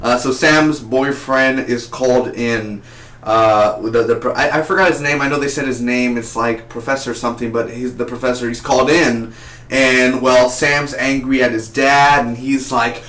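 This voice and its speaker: A man of ordinary pitch talks through a TV episode in a loose, excitable way, stumbling over his words and circling back as he goes. The room around him is bare and echoey, so his voice rings off the walls. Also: normal speed. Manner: excitable and rambling, repeats and restarts words. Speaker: TV episode reviewer. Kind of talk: casual spoken review.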